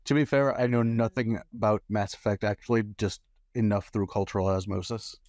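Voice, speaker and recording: Male co-host, lower register, deadpan matter-of-fact delivery, plain announcements. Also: brisk, no room sound, clean studio sound. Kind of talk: casual live-stream chat.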